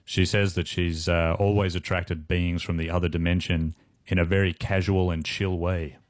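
A man's voice: deep voice, flat delivery, normal speed, no echo, clean studio sound. A man co-hosting a casual radio chat, wry and laid-back. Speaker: radio co-host.

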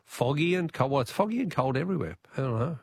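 A man's voice: mid-range voice, expressive, fast talker, vocal fry, a little mellow, husky, no room sound, clean studio sound. A man with an Australian accent hosting a casual talkback radio quiz, chuckling as he reads out listener messages.

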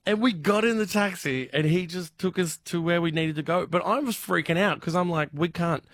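Australian comedian guy, rambly halting storyteller, dry close sound. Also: high-pitched, fairly bright tone, no room sound. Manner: rambling, halting with many restarts. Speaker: comedian guest. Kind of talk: casual anecdote telling.

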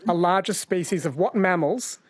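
A man hosting a call-in quiz on radio, playful and quick to laugh, but slow and careful when reading questions. His voice is fairly high. It sounds dry and close on a studio mic. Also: slightly rough, dry recording. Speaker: radio host. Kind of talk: casual radio quiz chat.

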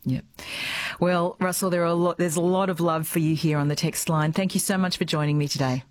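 A woman hosts a radio interview in a friendly, encouraging manner. Her voice is low for a woman and sounds close and dry on the studio microphone. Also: steady tone, a little fast, no room sound. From Australia. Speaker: radio host.

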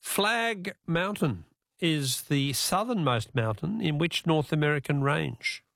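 An Australian man hosts a talkback radio quiz from the studio. His slightly high voice has a gravelly edge, and the dry, close studio mic keeps it up front. He sounds easygoing and chatty, and he slows right down whenever he reads out a question. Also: lively intonation, a bit bright, no room sound. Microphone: studio microphone.

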